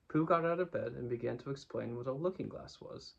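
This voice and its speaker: A man narrates a children's book in a calm, steady storytelling voice. His tone is husky with plenty of gravel. The recording is dull and lo-fi, pitched in an ordinary middle range. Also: fairly quick. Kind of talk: reading a children's book aloud.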